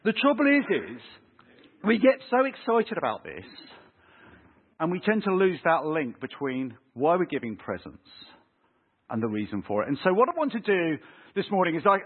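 A man preaching a lively sermon, acting out little scenes with family voices. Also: sits high, brisk, slightly rough. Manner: animated, acts out voices of kids and parents. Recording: tinny phone-like sound.

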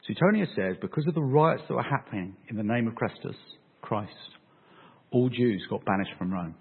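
A man preaching a sermon, animated and joking with his congregation. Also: medium pitch, normal speed, slightly rough. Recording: phone-like, echoey hall sound.

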